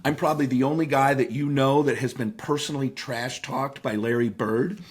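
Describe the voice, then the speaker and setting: Fifties male guest, lively storyteller, casual and conversational, sprinkles fillers. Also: mid-range voice, normal speed, breathy edge. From Seattle area, United States. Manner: animated, anecdotal, frequent fillers. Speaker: guest, speaker and author.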